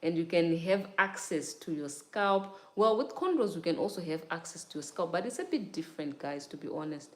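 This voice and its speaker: A young woman with a slightly low voice chats casually with her livestream viewers about looking after natural hair. She laughs often, calls out viewers by name and keeps asking whether they get it. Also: lively intonation, a little fast, few pauses, reverberant. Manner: repeats "you get it?" and "child". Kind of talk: casual livestream chat while taking down braids.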